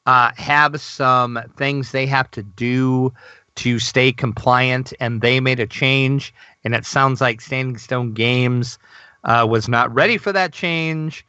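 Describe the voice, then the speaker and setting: Excitable guy cohosting a gaming podcast, bright forceful voice, dry lo-fi sound. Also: medium pitch, smooth, no room sound. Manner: excitable, gushing, laughs often. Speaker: podcast co-host. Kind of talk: casual gaming news chat.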